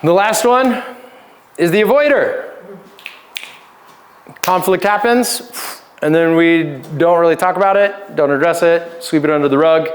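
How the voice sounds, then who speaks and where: A man's voice: fairly high pitch, measured pace, long pauses. A male pastor teaching a relationship seminar in a casual, joking way, laughing often and checking in with "right?". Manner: conversational, keeps asking "right?".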